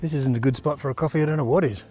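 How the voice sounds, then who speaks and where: A man's voice: a little high, racing, darkish tone, faint music behind. Easygoing Australian man rambling outdoors. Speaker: vlogger. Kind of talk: casual outdoor vlog chat. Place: outdoors on a riverside trail.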